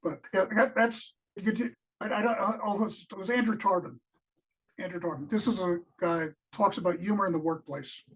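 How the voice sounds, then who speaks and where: A man's voice: high-pitched, fairly quick, fairly bright tone, a little hiss or hum, poor audio. A man co-hosting a podcast interview in a casual, rambling way, encouraging the guest and telling jokes and anecdotes.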